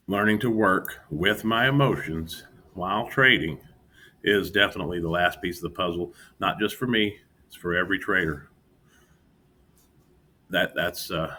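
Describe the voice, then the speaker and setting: A man's voice: sits low, sharp tone. A man talking candidly about his trading setbacks in an earnest, self-critical vlog monologue from home. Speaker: futures day trader vlogger. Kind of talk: candid reflective monologue to camera. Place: home room with an exercise bike.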